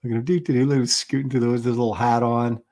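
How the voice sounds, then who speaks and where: A man's voice: medium pitch, flat delivery, fast, a little mellow. A middle-aged man hosting a casual livestream, rambling and chuckling as he reads viewer comments aloud. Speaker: livestream host.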